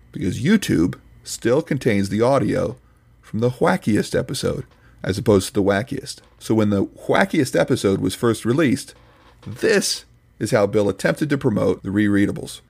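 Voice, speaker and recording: Gravelly low-voiced man, deadpan. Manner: dry, mock-serious, pedantic. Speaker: podcast host reviewing another podcast. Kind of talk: scripted comedic commentary.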